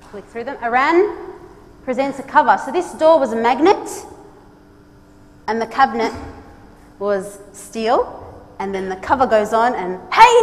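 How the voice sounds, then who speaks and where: A woman giving a lively, direct conference presentation to a trade audience, urging them on with playful asides. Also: fairly high pitch. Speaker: design speaker at a trade congress. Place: large conference hall. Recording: long hall reverb, faint background noise.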